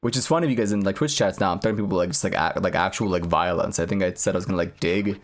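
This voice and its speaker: A man streaming a game and chatting casually, rambling with lots of filler words and deadpan jokes. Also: deep voice, racing. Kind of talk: casual gaming stream chat.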